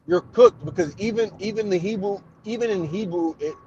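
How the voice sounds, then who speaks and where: High-pitched insistent man on dull audio. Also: brisk, mellow, a little hiss or hum. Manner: insistent, repeats himself, keeps saying "brother". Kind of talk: casual heated debate.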